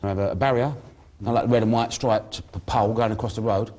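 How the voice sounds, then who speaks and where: Fast-talking husky man. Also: on the low side, steady tone, a little mellow. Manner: acts out the lines of people in his plan. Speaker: gang member laying out a plan. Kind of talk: casual planning chat.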